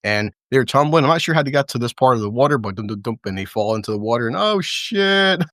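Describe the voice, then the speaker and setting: A man hosting a casual recap chat, excitedly narrating fight scenes play-by-play with lots of swearing and laughter. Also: medium pitch, fast, no echo, clean studio sound. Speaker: show host.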